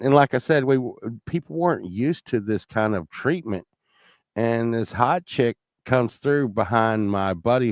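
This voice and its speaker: A man's voice: medium pitch, no echo, lo-fi sound. A man telling a rambling, profane story in casual chat, full of restarts and acted-out lines from other people.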